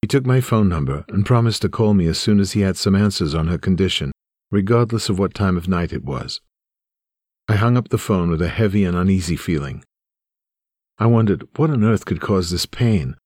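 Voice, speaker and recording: A man's voice: low-pitched, lively intonation, normal speed, a little mellow, husky, no echo, clean studio sound. A man reading his own memoir aloud in a somber, earnest way. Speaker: narrator. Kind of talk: memoir narration.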